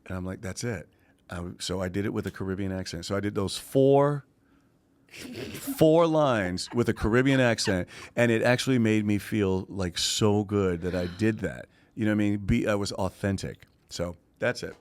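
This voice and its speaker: A man's voice: fairly low pitch, normal speed, a little mellow. Playful man telling stories. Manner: playful, storytelling, laughs often. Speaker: guest, Broadway actor. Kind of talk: casual interview chat.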